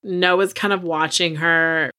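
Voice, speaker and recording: A woman's voice: lowish voice, fairly even intonation, slow, sharp tone. A woman co-hosting a podcast, recapping a TV episode in casual chat, cursing freely and acting out characters' lines. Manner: chatty, swears freely, acts out characters' lines. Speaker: podcast co-host.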